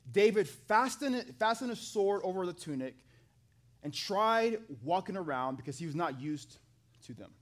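A man preaching a sermon to a live congregation, acting out the scripture dialogue in an animated way and talking with the people in the pews. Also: high-pitched. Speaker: pastor. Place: church hall with a live congregation.

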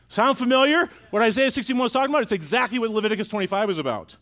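A man's voice: high voice, expressive, quick pace, few pauses, fairly bright tone. A middle-aged man preaching a sermon in a church auditorium, in a conversational way that keeps asking the congregation questions. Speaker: pastor.

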